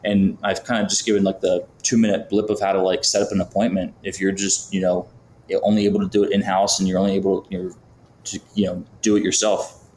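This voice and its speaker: A man's voice: deep voice, flat delivery, a little fast, darkish tone, a little hiss or hum. A man from Florida, a podcast guest talking casually with lots of fillers and acting out sample phone calls. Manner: chatty, many fillers, acts out phone calls. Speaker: podcast guest, business founder. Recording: roomy, faint background ambience.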